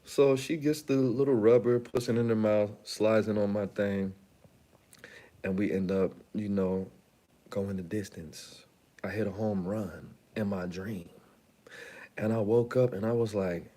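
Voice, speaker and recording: A man's voice: lowish voice, steady tone, unhurried, dark tone. A man hosting his own channel, telling a long story in a rambling, slangy, casual way with lots of asides. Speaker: channel host.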